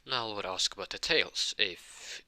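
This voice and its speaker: A man's voice: on the low side, measured pace, sharp tone, no room sound. A young man improvising a fan-fiction story aloud, rambling with many restarts and self-corrections.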